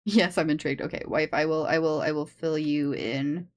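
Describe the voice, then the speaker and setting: A woman's voice: deep voice, fairly even intonation, moderate pace. A woman chatting casually on a live stream into a sensitive desk microphone, rambling with lots of fillers and restarts.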